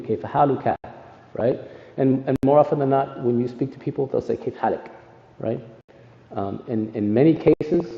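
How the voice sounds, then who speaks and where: A man's voice: mid-range voice, mellow. A man teaching an Arabic lesson to a class, explaining step by step and checking in with "right?" after nearly every phrase. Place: classroom in a mosque. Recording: echoey hall, muffled sound.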